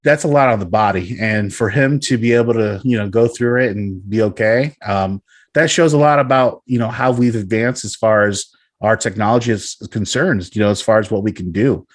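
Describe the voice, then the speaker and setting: A man's voice: fairly low pitch, moderate pace. Rambling male podcast host. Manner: rambling, lots of fillers and restarts; laughs often. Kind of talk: casual podcast chat.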